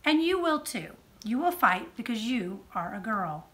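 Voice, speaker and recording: A woman's voice: a little high, big pitch swings, a little slow, a bit bright. A woman doing a bold old suffragist. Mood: firm. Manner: ringing, declamatory speech. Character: bold elderly woman suffragist, commanding and unafraid.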